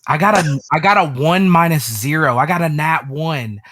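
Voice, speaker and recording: A man's voice: on the high side, lively intonation, normal speed, heavy background noise. A man playing a tabletop role-playing game, chatting casually and joking about his dice. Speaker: player.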